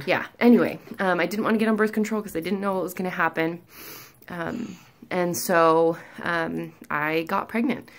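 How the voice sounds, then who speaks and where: A woman's voice: fairly low pitch, vocal fry. A woman vlogger giving a candid, rambling personal update, a little out of breath and full of fillers. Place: at home, sitting.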